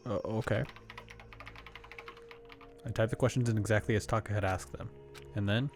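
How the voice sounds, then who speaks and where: A man's voice: lowish voice, fairly even intonation, moderate pace, soft background music. A man streaming a game, casually reading its narration aloud in a plain way.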